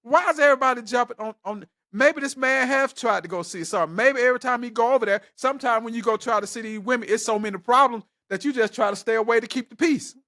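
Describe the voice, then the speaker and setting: A man's voice: very high-pitched, fast, hardly any pauses, pushed and bright. A middle-aged man co-hosting a casual podcast, arguing his point emphatically and repeating it. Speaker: co-host, father figure.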